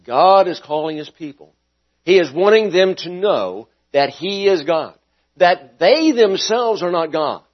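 Pastor, male, fairly high voice, dynamic sermon delivery with sudden loud and quiet turns, questions the room; dull lo-fi recording. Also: animated, measured pace. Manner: dynamic preaching with sharp rises and drops in volume; asks the congregation questions. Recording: dull lo-fi sound.

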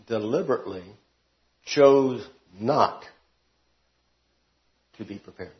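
Slow, animated man teaching Bible class. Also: mid-range voice. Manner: expressive, rising to emphatic peaks and dropping to quiet asides. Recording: dull lo-fi classroom recording.

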